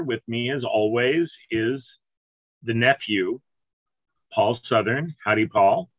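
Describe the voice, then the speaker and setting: A man hosting a podcast in casual, joking chat, halting with fillers. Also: mid-range voice, no echo, narrow, tinny audio. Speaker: podcast host.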